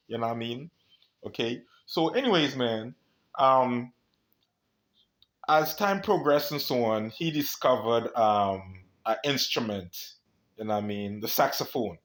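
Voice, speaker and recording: A man's voice: mid-range voice, lively intonation, a little slow, a bit bright. A man from the United States talking in a rambling, conspiratorial monologue, constantly checking in with the listener. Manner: rambling, conspiratorial, peppers talk with "you know what I mean".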